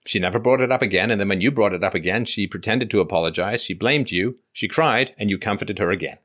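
A man's voice: lowish voice, fast talker, fairly bright tone. Emphatic man hosting an advice call-in. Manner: emphatic, lecturing, acts out quotes mockingly. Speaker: call-in show host.

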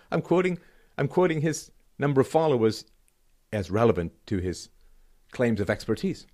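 A middle-aged man hosting his own show, delivering a sarcastic, emphatic solo commentary that swings between loud and quiet. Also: lowish voice, very animated, fast talker. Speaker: show host. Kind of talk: solo political commentary rant.

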